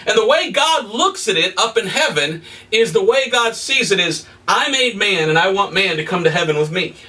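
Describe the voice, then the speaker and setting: A male evangelist teaching a sermon in a folksy, animated way, reading scripture and telling homey stories with excited exclamations. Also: high voice, normal speed, recorded from a distance.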